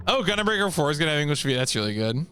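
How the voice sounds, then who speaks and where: A man streaming a video game, chatting casually with viewers in an animated way and laughing often. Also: a little high, rapid-fire, faint music behind.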